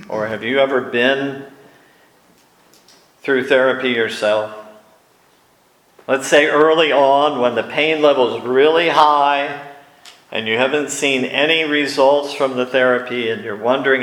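Slow, deliberate man preaching in an echoey room. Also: medium pitch, fairly bright tone. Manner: slow, deliberate teaching delivery with emphatic pauses. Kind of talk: sermon.

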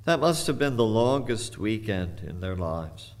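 Slow, low-voiced pastor preaching. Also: male voice, very animated. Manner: reflective storytelling, retelling scripture. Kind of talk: sermon.

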